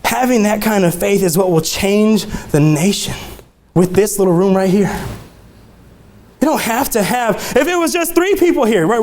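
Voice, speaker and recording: An excitable male preacher delivers an impassioned sermon in a small church room. His voice sits very high for a man and keeps climbing as his excitement builds. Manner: impassioned, exclamatory, some stumbles.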